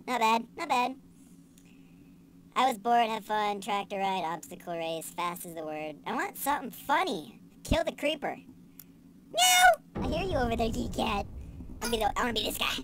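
A young woman giving casual let's-play commentary, excitable and sarcastic, swearing and yelling at the game. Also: fairly high pitch, moderate pace, noisy background. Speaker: gaming channel host.

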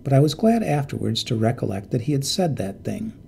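A man narrating a ghost story in an expressive, dramatic reading voice. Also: medium pitch, brisk, creaky, slight background noise.

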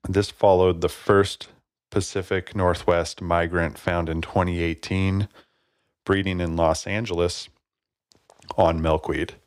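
A podcast host with a low voice talks slowly and casually in a solo episode, rambling a bit and using plenty of filler words. He sounds relaxed, and the studio-quality recording has no echo.

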